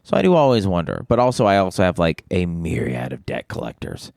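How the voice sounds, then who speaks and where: A man's voice: deep voice, huge pitch swings, fairly quick, vocal fry, a little mellow, no room sound, studio quality. A man co-hosting a podcast, telling a rambling story in casual chat with lots of restarts and fillers. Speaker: podcast co-host.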